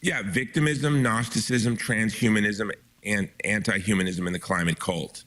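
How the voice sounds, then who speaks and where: A man's voice: on the low side, fairly even intonation, moderate pace, fairly bright tone. A man being interviewed as a guest author, speaking with urgent emphasis and frequent restarts. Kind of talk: impassioned interview talk.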